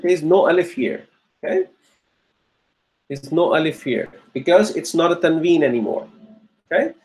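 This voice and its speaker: Guy teaching arabic grammar online, kinda high voice, repeats everything, keeps asking okay?. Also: darkish tone, poor audio. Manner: patient, repeats each answer and checks with "okay?"; praises students' answers.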